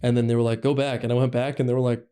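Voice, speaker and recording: A man's voice: flat delivery, racing, mellow, clear, resonant tone. A young man co-hosting a casual podcast, rambling through stories, swearing freely and mimicking others. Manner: rambling storyteller, swears, imitates people in a higher voice. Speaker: podcast co-host. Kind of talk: casual chat.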